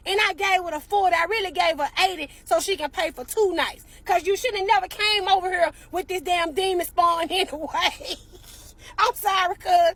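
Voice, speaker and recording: Very high-voiced woman telling a comic tale. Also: normal speed. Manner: animated, exasperated, acts out each quote. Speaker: storyteller. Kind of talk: comic storytelling vlog.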